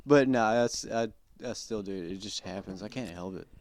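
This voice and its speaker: A man's voice: fairly low pitch, normal speed, a little mellow, no echo. A man co-hosting a podcast, telling a rambling story in casual, crude banter and saying "like" constantly. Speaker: podcast co-host.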